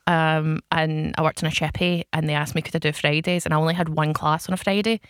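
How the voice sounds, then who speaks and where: A woman's voice: deep voice, steady tone, fairly quick, clean tone, no room sound, clean studio sound. A woman co-hosting a casual chat, telling self-deprecating stories with frequent laughter. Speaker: podcast co-host.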